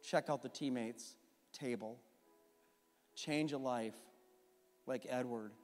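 A man's voice: medium pitch, slow pace, darkish tone. A man preaching a sermon and praying, a fervent pastor who builds to impassioned emphasis. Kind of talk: sermon and closing prayer. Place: church sanctuary. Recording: long church reverb with faint music.

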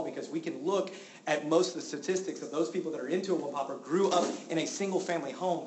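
A man preaching a sermon as a pastor, getting loud and exclaiming when indignant. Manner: animated, exclaiming with rising pitch when indignant. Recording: roomy with faint background noise.

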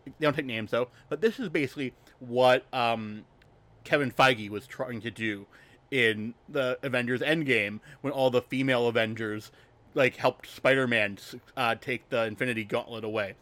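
A man's voice: mid-range voice, normal speed, a bit bright. A man co-hosting a podcast stream, recapping a film in a rambling, jokey way with many fillers. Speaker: podcast co-host. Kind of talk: casual movie recap chat.

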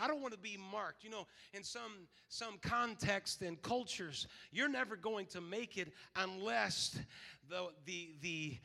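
A man preaching a fervent sermon in a rather high, gravelly voice. His tone is piercingly bright and sharp. He quotes scripture and calls out to the congregation. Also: unhurried, big-room sound. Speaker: pastor.

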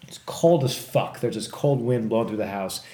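A man's voice: fairly low pitch, moderate pace. Rambling man telling a wild story. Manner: rambling, swears a lot, excited bursts at tense moments. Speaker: podcast host telling a story. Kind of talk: casual storytelling. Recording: echoey room with faint background noise.

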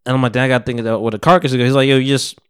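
A man's voice: mid-range voice, steady tone, rapid-fire, a bit bright. A man co-hosting a podcast, telling a long story in casual chat, rambling, laughing often and acting out what people said. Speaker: podcast co-host.

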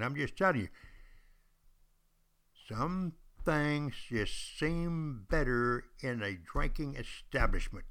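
A man's voice: mid-range voice, pushed and bright. An older man hosting a podcast, a former history teacher telling history in a folksy, emphatic way. He repeats himself and speaks straight to his listeners. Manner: emphatic, repetitive, addresses listeners directly.

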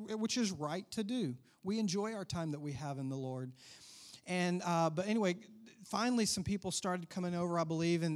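A man's voice: a little high, a little mellow. A man, a pastor preaching a sermon in a conversational way with asides to the congregation.

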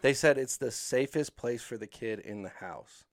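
A man's voice: medium pitch, normal speed, no echo. A man in casual chat with friends, telling animal stories in a rambling, profane way with lots of filler words.

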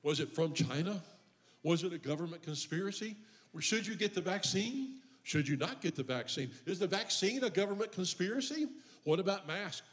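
A man's voice: sits high, lively intonation, normal speed, fairly bright tone. An older man preaching a sermon as pastor, joking and folksy between scripture readings. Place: church.

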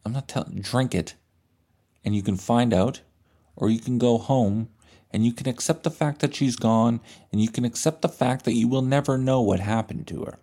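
A man voicing a calm, menacing male abductor in a retold film scene, speaking in a quiet, coaxing way. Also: medium pitch, moderate pace, pitched above the performer's own voice, lightly acted.

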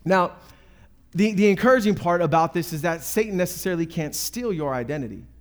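A man's voice: high voice, expressive, brisk. A man preaching a sermon as pastor, emphatic and conversational, repeating phrases and calling out to the congregation.

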